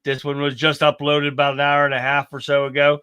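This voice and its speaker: A man's voice: fairly high pitch, completely flat delivery, a little fast, bright, forceful tone, smooth, dry recording. A man hosting a livestream, chatting in a folksy, exclaiming way as he reacts to clips and talks to viewers. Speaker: livestream host. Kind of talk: casual livestream commentary on clips.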